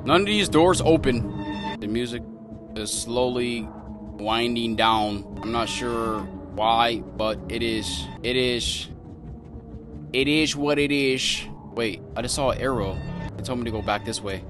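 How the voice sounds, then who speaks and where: A young man with a mid-range voice plays through a horror game at a measured pace, talking to his viewers, thinking out loud and yelping whenever he's startled. Game music runs in the background of his channel's commentary.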